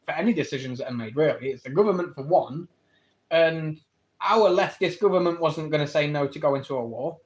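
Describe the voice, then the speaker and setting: A man with an English accent on a live stream, arguing his points to viewers and answering their comments. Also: a little high. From England. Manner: argumentative, rapid back-and-forth rebuttals; reads viewer comments aloud and answers them. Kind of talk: live-stream debate with chat.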